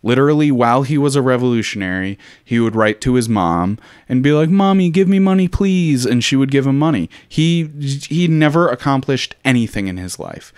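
A man's voice: mid-range voice, clean tone, dry recording, clean studio sound. A man hosting a casual history talk, loose and chatty with plenty of ums and wry asides. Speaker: podcast host.

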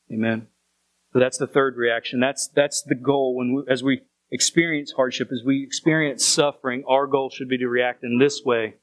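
A man's voice: mid-range voice, fairly even intonation, normal speed, no room sound, low-quality recording. A man preaching a sermon as pastor, speaking earnestly and repeating phrases for emphasis.

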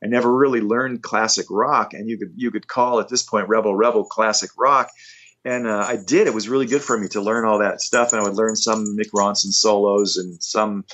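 A man in his fifties telling animated, self-deprecating stories in a casual interview. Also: on the low side, fairly quick. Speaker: rock musician guest. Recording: dull lo-fi audio.

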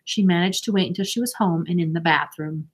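A woman reading a children's novel aloud, with gentle, expressive storytelling. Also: on the low side, brisk, slightly rough. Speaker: audiobook narrator.

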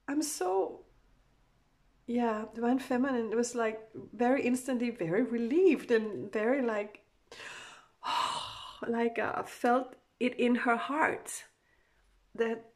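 A woman's voice: on the high side, takes it slowly, pauses often. A woman giving a channeled tarot love reading. She rambles with many fillers and speaks emotively for the people she reads about. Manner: rambling, full of "you know" fillers; emotive, voices what the couple feel. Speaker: tarot card reader.

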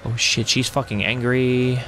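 Excitable, cursing young male gamer. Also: mid-range voice, a little slow, noisy background. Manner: excitable, swears a lot, yells in panic. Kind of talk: let's play commentary.

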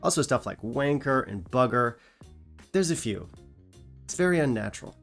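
Man, whisky reviewer, casual, dry self-mocking humor, mid-pitched voice, faint background music. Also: expressive, moderate pace, creaky, a bit bright. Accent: non-British English. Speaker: whisky reviewer, channel host.

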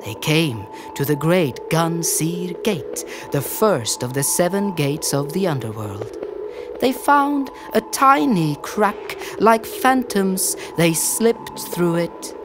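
A woman telling a myth in slow, dramatic, rhythmic phrases. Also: lowish voice, very animated. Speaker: storyteller. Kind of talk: mythic storytelling over music. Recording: storytelling over clear music.

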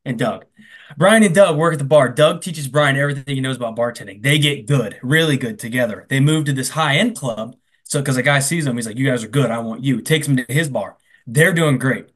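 A man casually retelling a film plot on a comedy podcast, acting out the characters' lines with quick asides. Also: medium pitch. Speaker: podcast co-host. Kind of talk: casual comedic movie recap.

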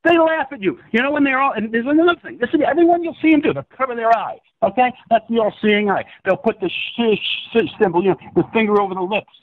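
A man's voice: very high voice, fast, few pauses, no room sound. A male guest calling into an interview, ranting in a rambling, profane way. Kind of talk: phone-in interview. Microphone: phone. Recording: tinny phone line.

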